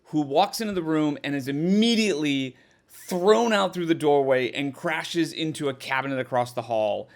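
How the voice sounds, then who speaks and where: A man's voice: a little high, normal speed. A man giving a casual, sarcastic spoken review of a horror film, swearing freely and sounding exasperated.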